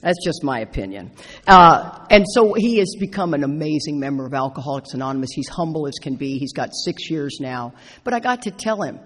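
A middle-aged woman giving a personal recovery talk to an audience, animated and emphatic, repeating phrases for stress. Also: low-pitched, brisk. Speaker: speaker at a recovery convention. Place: large indoor meeting hall. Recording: reverberant hall.

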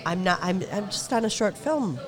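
A middle-aged woman hosting a casual podcast chat, earnest and quick to laugh. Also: mid-range voice. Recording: lively crowd noise behind.

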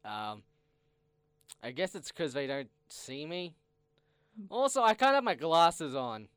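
A man, co-hosting a casual comedic chat and telling stories in a deadpan way. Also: a little high, slow pace, smooth, no room sound, studio quality. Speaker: podcast co-host.

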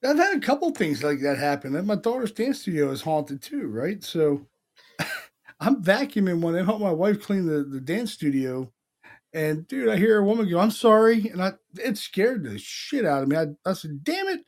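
A man co-hosting a podcast, telling stories in casual chat, animated, with slang and swearing. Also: high voice, moderate pace. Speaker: podcast co-host.

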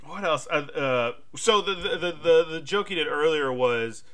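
A man's voice: fairly high pitch, lively intonation, normal speed, a bit bright. A man co-hosting a podcast, chatting casually and animatedly, with lots of filler likes and laughter. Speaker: podcast co-host. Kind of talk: casual chat.

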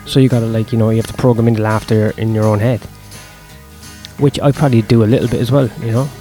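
A man's voice: on the low side, fairly even intonation, fast talker, dark tone. A young man, a stand-up comedian talking through his gigs in a casual, profane, self-deprecating ramble, with faint music behind him. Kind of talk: casual vlog monologue.

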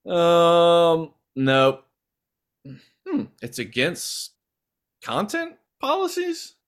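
A man's voice: on the high side, wildly swooping pitch, extremely slow. A man co-hosting a podcast in casual chat, thinking aloud and poking fun at himself. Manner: chatty, self-deprecating, thinks aloud with fillers. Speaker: podcast co-host.

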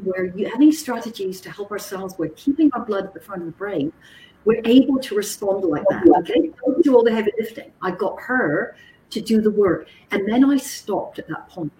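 A woman psychologist gives a teaching talk, telling lively anecdotes and checking in with her listeners as she goes. Her voice is mellow and warm. It sounds roomy and echoey, with a faint hiss behind it. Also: mid-range voice. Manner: lively, animated storyteller who checks in with "okay?". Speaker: psychologist and communications trainer.

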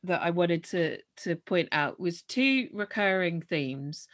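A woman's voice: fairly low pitch, expressive, slow pace. A woman co-hosting a podcast, chatting casually and animatedly about a film, swearing freely and talking over her partner. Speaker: podcast co-host.

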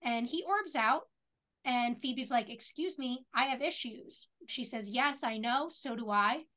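A young woman with a bright, fairly high voice co-hosts a casual podcast. She retells a TV episode scene by scene, reading out the characters' lines in a steady chatty flow. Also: unhurried. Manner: retells scenes at length, reading out dialogue with many "she says". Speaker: podcast co-host. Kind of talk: casual chat and episode recap.

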